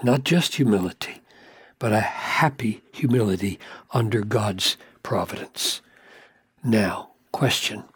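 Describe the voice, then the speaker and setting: Pasteur masculin, sermon didactique, lent et appuyé, apartés chuchotés. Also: male voice, fairly low pitch, slightly rough, dry recording, studio quality. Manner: slow, emphatic, drops to hushed asides. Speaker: pastor. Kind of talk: teaching sermon.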